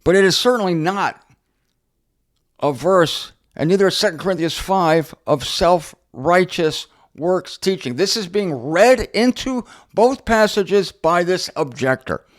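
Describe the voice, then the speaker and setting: A middle-aged man teaching the Bible in an unscripted monologue, sarcastic and animated as he answers objectors directly. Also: high voice, unhurried. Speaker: Bible teacher and show host.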